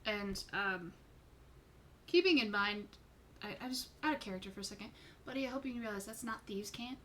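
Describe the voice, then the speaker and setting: A woman running an online tabletop game as game master, narrating scenes in a loose, casual way with the odd swear. Her voice is bright and forward. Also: mid-range voice, moderate pace. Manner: descriptive, informal, swears casually.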